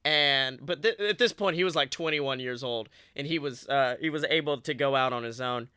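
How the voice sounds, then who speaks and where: A man's voice: mid-range voice, normal speed, pushed and bright, clear, resonant tone, no room sound, clean studio sound. A young man, a podcast co-host, rambling through an improvised comedic story with playful, crude jokes.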